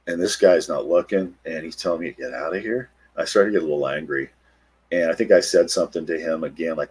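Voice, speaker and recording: A middle-aged man, a podcast guest, retelling a personal encounter in an animated way and acting out the quotes. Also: extremely low pitch, fast talker, breathy edge. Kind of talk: storytelling interview.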